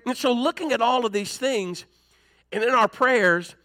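A male pastor delivering an emphatic sermon, climbing higher as he presses his points. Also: moderate pace, bright, forceful tone. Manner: emphatic, rising in pitch when preaching hard.

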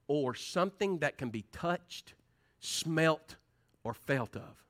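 A man preaching a sermon, moving between hushed storytelling and fervent, loud delivery. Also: fairly high pitch, animated, takes it slowly. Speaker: pastor.

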